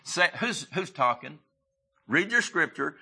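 Bright-voiced man preaching a sermon. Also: a little high, big pitch swings, gravelly, breathy edge. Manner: halting, repeats and restarts, rising for emphasis.

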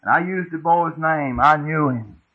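A man's voice: fairly high pitch, a little slow, slightly rough. A middle-aged man, preaching a sermon as a folksy, homespun story, often asking the congregation questions. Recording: tinny phone-like old tape.

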